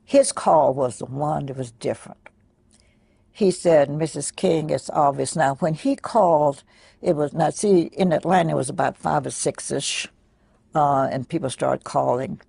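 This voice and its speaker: An older woman quietly recounting a personal memory in a soft, halting way with many pauses. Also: low voice, vocal fry, husky, no echo. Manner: soft-spoken, pausing, many fillers. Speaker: interviewee. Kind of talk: personal recollection.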